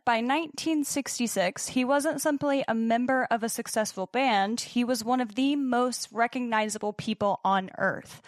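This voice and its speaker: A young woman co-hosting a podcast, telling a story in partly scripted narration with dramatic pauses and casual swearing. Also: a little high, no echo, clean studio sound. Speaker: podcast co-host.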